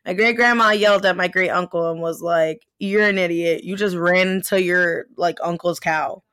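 A young woman co-hosting a podcast, telling a story in casual chat, animated and swearing, with lots of fillers. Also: fairly low pitch, normal speed, no room sound, clean studio sound. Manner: animated, swears a lot, many fillers, laughs while telling. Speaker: podcast co-host.

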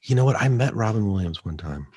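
Man, podcast co-host, lively swinging pitch, joking, dry sound. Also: fast talker, husky, no echo. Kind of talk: casual chat.

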